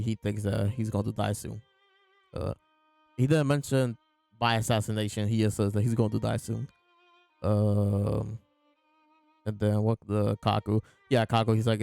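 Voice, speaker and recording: A man's voice: fairly low pitch, gravelly, mellow, clear, resonant tone, no echo. A man hosting a casual chapter review, retelling scenes by quoting the characters in his own voice over faint background music. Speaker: host reviewing comic chapters.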